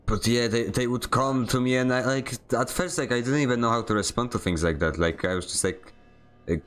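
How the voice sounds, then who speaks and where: A man's voice: mid-range voice, brisk, smooth, faint music behind. A man streaming a video game, chatting casually in a rambling, joking way, often stammering and restarting his sentences. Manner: joking, self-mocking. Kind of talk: casual chat while gaming.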